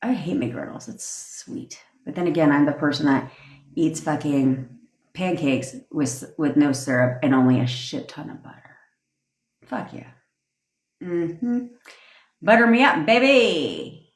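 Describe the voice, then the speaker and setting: A woman with a somewhat low voice rants bluntly at her livestream audience, swearing freely as she lectures. The sound is roomy, with noticeable echo around her. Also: lively intonation, unhurried, a little mellow. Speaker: manifestation coach. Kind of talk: livestream rant.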